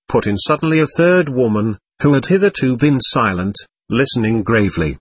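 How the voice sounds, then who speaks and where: A man narrating a classic novel in a measured, expressive reading. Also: medium pitch, slightly rough, no echo. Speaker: audiobook narrator.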